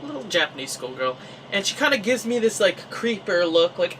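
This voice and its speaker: Animated young man telling a story. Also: high-pitched, fairly quick, recorded from a distance, a little hiss or hum, low-quality recording. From Canada. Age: young adult. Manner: animated, acts out his own reactions. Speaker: vlogger. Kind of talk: casual storytelling.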